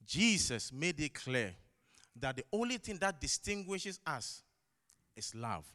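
This man's fairly high, sing-song voice is bright and forceful, moving at a measured pace with a non-native English accent. He preaches an emphatic sermon in a church hall, questioning the congregation rhetorically and repeating key phrases, while the large hall adds a long echo.

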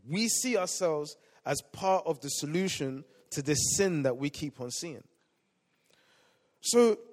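A male pastor preaching a sermon, swinging between loud emphatic lines and quiet asides. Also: a little high. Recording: long hall reverb.

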